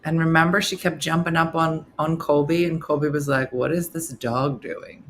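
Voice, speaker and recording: Hosting a casual live morning broadcast, this middle-aged woman reads out comments from viewers in a deep voice at a moderate pace. She's a lively storyteller who performs the voices of the characters she quotes, and there's slight background noise.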